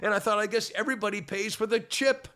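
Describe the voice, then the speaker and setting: A man's voice: high-pitched, fairly even intonation, fast, pushed and bright, faint music behind. An older man, hard of hearing, chatting casually and telling a rambling story full of restarts that gets more worked up as it goes. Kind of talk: casual chat.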